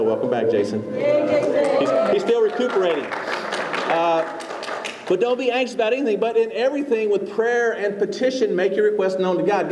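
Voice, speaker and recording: A pastor with a fairly high, slightly mellow voice delivers a conversational sermon in a church hall, full of fillers and questions aimed at the congregation. The sound is echoey, picked up by a distant mic.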